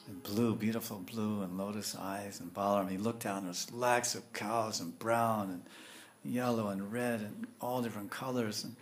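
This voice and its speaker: An older man telling a sermon story, with an animated delivery and frequent chuckles. He slips into acting out the characters as he goes. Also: fairly low pitch, slight background noise. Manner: animated, chuckling, acts out voices. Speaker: spiritual teacher.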